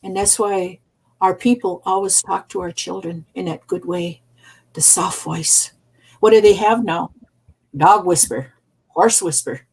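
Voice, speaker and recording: Husky older woman telling stories. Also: lowish voice, low-quality recording. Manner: soft, unhurried, repeats phrases for emphasis. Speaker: elder storyteller. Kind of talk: gentle storytelling and teaching.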